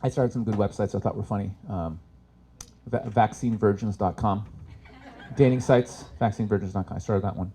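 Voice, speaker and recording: Fairly quick and with a breathy edge, a man performs live stand-up on an event stage. He swears without restraint and shifts between booming punchlines and hushed asides.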